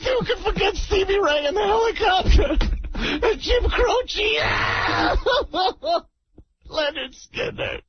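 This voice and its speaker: A man's voice: very high voice, animated, slow pace, raised voice, faint music behind, heavily acted. A man putting on a weepy, blubbering older male baseball team owner who sobs between lines, on a lo-fi radio broadcast. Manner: sobbing and whimpering between lines. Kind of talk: radio comedy impression.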